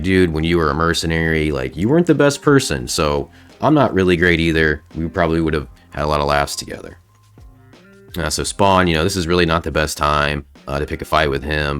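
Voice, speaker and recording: A man with an extremely deep, smooth voice hosts a casual comic book recap. He talks in a laid-back, slangy way with plenty of fillers, and faint music plays underneath. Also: fairly bright tone. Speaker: host.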